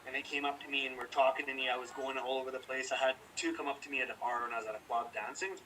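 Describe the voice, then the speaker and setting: Fast-talking man telling a heated story. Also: mid-range voice, fairly even intonation, pushed and bright, recorded from a distance, a little hiss or hum, poor audio. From British Columbia, Canada. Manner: profane, rambling, heated. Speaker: podcast co-host. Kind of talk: casual storytelling chat.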